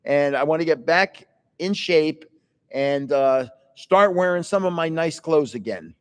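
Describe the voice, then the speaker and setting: A man's voice: on the high side, lively intonation, unhurried, clear, resonant tone. Chatty older man in an echoing room. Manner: rambling, chatty storyteller. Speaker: livestream host. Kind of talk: casual livestream chat. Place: indoors, in a building with another floor.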